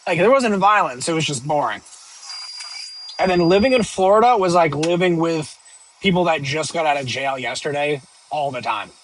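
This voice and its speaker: A man from the northern United States chats on a casual live stream, reading out viewer questions while rambling and joking, full of fillers and restarts. His voice is fairly high and fairly bright at a moderate pace, on a rough recording with slight background noise.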